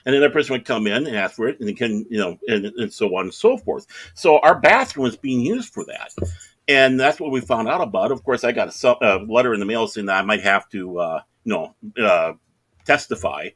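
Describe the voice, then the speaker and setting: Animated, rambling man telling stories. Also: mid-range voice, a little fast. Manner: rambling, animated anecdotes with self-quotes and laughs. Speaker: podcast co-host. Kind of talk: casual storytelling chat.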